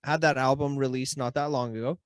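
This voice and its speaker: A man hosts a casual podcast and puts easygoing questions to his guest. His voice is mid-pitched and the recording is dry and close. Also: steady tone, fairly quick, no room sound. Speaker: podcast host.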